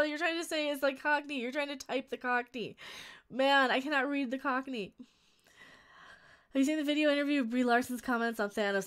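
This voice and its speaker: Blunt, chatty woman with a smooth voice. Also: a little high, fairly bright tone. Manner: blunt, opinionated, laughs often; rambling with frequent restarts. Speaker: live streamer reading viewer chat. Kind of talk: casual live-stream chat.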